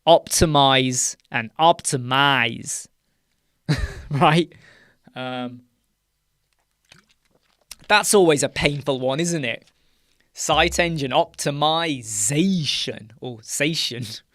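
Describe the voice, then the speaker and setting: A man's voice: medium pitch, very slow, long pauses, a bit bright, no room sound. British guy rambling on a live chat, lots of "right?", dead dry sound. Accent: British English. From United Kingdom. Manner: chatty, leans on "right?" and filler words. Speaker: live stream host. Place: small dark room with sound panels.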